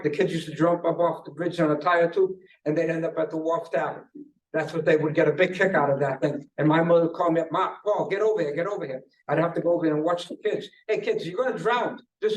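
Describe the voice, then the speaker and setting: An older man giving rambling public comment at a hearing, full of anecdotes and halting restarts. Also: a little high, far from the mic, low-quality recording. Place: government conference room.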